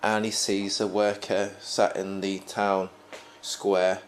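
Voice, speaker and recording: A man's voice: low voice, flat delivery, slow, a little hiss or hum. A man talking in a casual, reflective monologue, rambling with frequent restarts as a podcast host. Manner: rambling, many restarts and fillers, musing.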